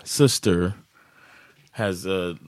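Low-voiced guy on a podcast, tells stories animated, laughs a lot, dry close mic. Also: drawn-out words, no echo. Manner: animated, laughing storyteller who acts out quotes. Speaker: podcast co-host. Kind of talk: casual chat, storytelling.

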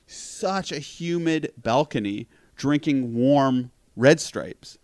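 A man telling a long story in casual conversation, animated, swearing freely and laughing at his own account. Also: medium pitch, slow, dry recording.

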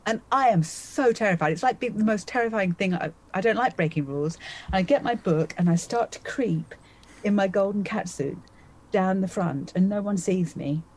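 Here the magician, a woman in her fifties on a podcast, talks at a normal speed in a mid-range, darkish voice. The recording is rough as she vividly relates a personal story in conversation, playing out her thoughts aloud.

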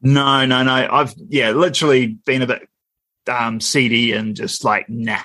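A man's voice: medium pitch, steady tone, unhurried, bright, forceful tone, dry recording. Rambling New Zealand man with a scratchy throat. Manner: rambling, hesitant, lots of fillers. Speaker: podcast co-host. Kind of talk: casual chat.

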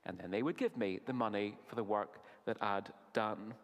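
A man preaching at a family service, asking the children questions and praising their answers in an animated way. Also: fairly low pitch, normal speed, few pauses. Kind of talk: children's talk in a sermon. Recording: long reverb of a large hall.

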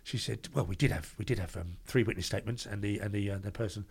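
An older man with a London accent, a guest telling stories briskly and acting out the dialogue. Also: lowish voice, gravelly, darkish tone, husky. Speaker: guest, former doorman. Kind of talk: anecdotal storytelling.

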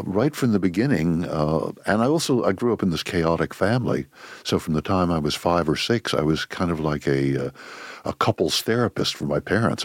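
An older male physician speaking in a low, slightly husky voice. He talks slowly and reflectively, often restarting his sentences. The sound is dry and close. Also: no room sound. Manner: slow, thoughtful, frequent restarts. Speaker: physician guest. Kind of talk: reflective interview talk.

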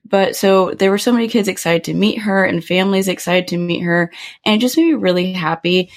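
A woman's voice: medium pitch, a little fast. A woman co-hosting a podcast, telling a personal story in casual chat with lots of fillers. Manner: chatty storytelling with many fillers. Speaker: podcast co-host.

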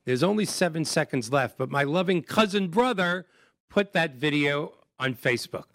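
A man hosting a show, telling a casual story in an animated way and joking against himself. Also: a little high, normal speed, no echo, clean studio sound. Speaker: host.

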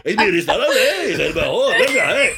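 A man putting on an exaggerated, boastful Spanish waiter who talks in a theatrical, incredulous, drawn-out way. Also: sits high, sing-song, creaky, a loud crowd, pitched above the performer's own voice, heavily acted.

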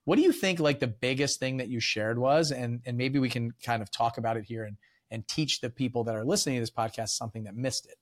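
A man's voice: medium pitch, fast. A man hosting a podcast interview, talking casually with lots of fillers and restarts. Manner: rambling with many fillers and restarts. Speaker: podcast host.

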